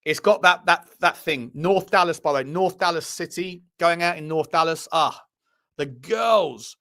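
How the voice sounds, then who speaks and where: A man with an English accent and a rather high voice hosts a live show. He chats loosely with viewers, swears without a second thought and laughs at himself. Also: moderate pace, pushed and bright. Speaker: host of a live fan show. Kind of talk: casual live-stream chat reacting to viewer messages.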